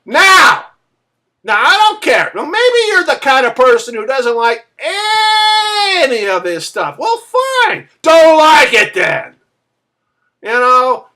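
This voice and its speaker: A woman's voice: high voice, sing-song, slow pace, pushed and bright. A woman vlogger delivering an impassioned rant to camera, searching for words and repeatedly bursting into a raised, emphatic voice. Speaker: vlogger and MLM member.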